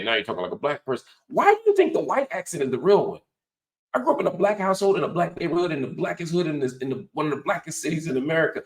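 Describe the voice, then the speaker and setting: Male host, higher-pitched and very animated, emphatic lecture-style commentary, throws rhetorical questions. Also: reverberant. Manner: frequent "right?" tag questions; profanity-laced colloquial talk. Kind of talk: political commentary monologue.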